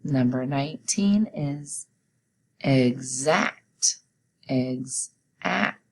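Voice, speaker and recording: A woman teacher giving a recorded spelling test, reading each word slowly and deliberately and pronouncing it clearly. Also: extremely low pitch, expressive, poor audio. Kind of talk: recorded classroom spelling dictation.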